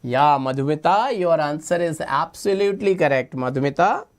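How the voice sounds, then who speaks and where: Animated chemistry teacher. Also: male voice, fairly high pitch, moderate pace. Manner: animated, teasing, repeats phrases. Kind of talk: playful exam-prep lecture. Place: online class recording.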